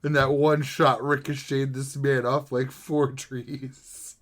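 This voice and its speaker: A man co-hosting a podcast in casual chat, excitable, laughing often and swearing casually. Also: medium pitch, slow. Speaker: podcast co-host.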